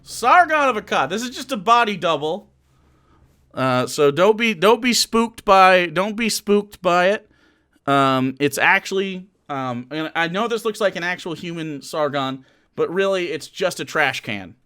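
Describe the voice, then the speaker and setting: A man's voice: high voice, lively intonation, a little slow, sharp tone, no room sound, studio quality. A young man streaming casual political commentary, sarcastic and mocking, with frequent fillers and chuckles.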